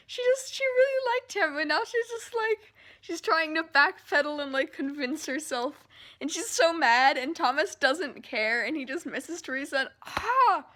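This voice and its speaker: High-voiced gushing woman book vlogger. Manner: gushing, emotional, excitable. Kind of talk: casual read-along reaction.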